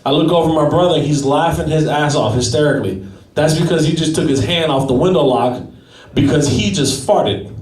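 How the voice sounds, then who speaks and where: A man with a fairly high voice doing stand-up, joking about himself and chatting with the crowd. He is heard from a distance in a roomy, echoing space. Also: a little fast, darkish tone. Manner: self-deprecating, chatty with the crowd. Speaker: stand-up comedian. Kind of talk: stand-up comedy set. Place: small gallery venue at an open mic. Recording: echoey room from a distance.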